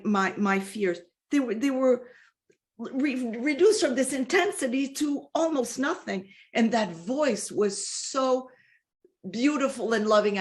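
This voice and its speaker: A woman from the United States sharing a personal spiritual testimony in an earnest, emotional way, often restarting her sentences and dropping into soft, hushed passages. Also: medium pitch. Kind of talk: heartfelt personal testimony talk.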